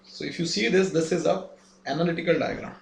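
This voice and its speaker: A man's voice: on the high side, fast, vocal fry. A man giving a lesson, explaining step by step and asking rhetorical questions. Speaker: instructor. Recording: echoey room, faint ambience.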